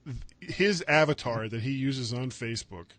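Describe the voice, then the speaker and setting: A man's voice: medium pitch, lively intonation, normal speed, a bit bright, no room sound. A man hosting a casual tech news chat, rambling and correcting himself with wry asides. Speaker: podcast host.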